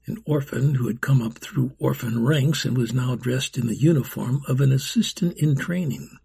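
A man's voice: medium pitch, normal speed, vocal fry, hardly any pauses, mellow, husky. A man reading a storybook aloud in a dramatic way, often dropping to a whisper. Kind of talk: storybook narration.

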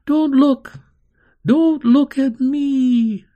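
A man voicing a frightened little girl who screams in terror, with high, shrill cries. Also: very slow, warm tone, muffled recording, full character voice. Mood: terrified.

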